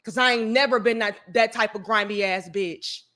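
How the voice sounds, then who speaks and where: A woman's voice: medium pitch, normal speed, sharp tone. A woman venting to her viewers, blunt, profane and openly emotional, talking to them directly. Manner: addresses viewers directly as "y'all". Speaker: vlogger. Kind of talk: venting to the camera.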